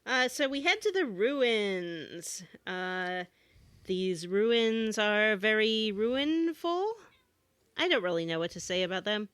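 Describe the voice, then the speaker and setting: A woman's voice: medium pitch, expressive, slow, fairly bright tone, clean tone, no room sound. Woman casually recapping a video game on a podcast, dry sound. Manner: playful, recaps plot. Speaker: podcast co-host.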